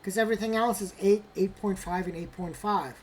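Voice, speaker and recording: A woman's voice: medium pitch, steady tone, fairly quick, a little hiss or hum. A woman casually narrating as she opens graded trading cards, talking to herself and lamenting bad results with mock drama. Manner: talks to herself while handling cards. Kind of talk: casual unboxing commentary.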